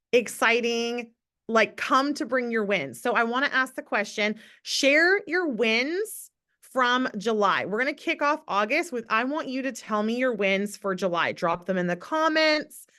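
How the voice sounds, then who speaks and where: A woman hosting a team video call, bubbly and encouraging, shifting between quick and slow speech. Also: on the high side, bright, forceful tone.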